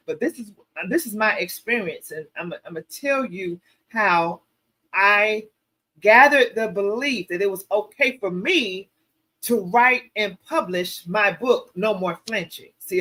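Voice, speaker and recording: A woman hosting a casual livestream Q&A, telling stories in an animated, preachy way and calling her viewers y'all. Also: mid-range voice. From American South. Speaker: show host.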